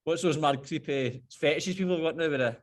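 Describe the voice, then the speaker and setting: A man's voice: a little high, fairly quick. A man with a Scottish accent co-hosting a podcast from a gym, bantering bluntly. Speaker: podcast co-host, strength coach. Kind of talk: casual podcast chat.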